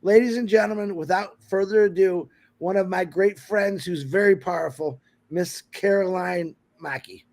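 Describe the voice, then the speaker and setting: A man's voice: high voice, moderate pace, few pauses, darkish tone. A man co-hosting a live webcast, introducing a guest in an effusive, enthusiastic way over a video call. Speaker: co-host.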